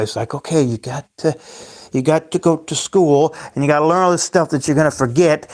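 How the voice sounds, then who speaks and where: A man hosting his own livestream, rambling and ranting at his chat, repeating himself and calling the viewers guys. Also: mid-range voice. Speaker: livestream host.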